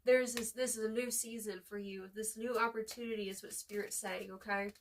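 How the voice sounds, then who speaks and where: A woman's voice: medium pitch, fairly even intonation, fairly quick, far from the mic, slight background noise. A woman giving a casual, heartfelt tarot reading to viewers, swearing freely and at times close to tears. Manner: casual, swears freely, calls listener boo-boo; emotional, near tears at times. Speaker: tarot reader.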